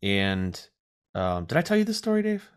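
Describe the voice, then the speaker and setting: A man with a fairly low, slightly nasal voice talks casually as co-host of a chat show. He rambles through stories with ums and uhs and pokes fun at himself. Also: huge pitch swings, normal speed, clean tone. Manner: rambling storyteller with fillers and self-deprecating asides. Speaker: podcast co-host.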